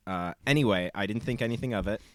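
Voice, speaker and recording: A man's voice: on the low side, fast, slight background noise. A man co-hosting a podcast, telling a story casually with many ums and acted-out quotes. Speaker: podcast co-host.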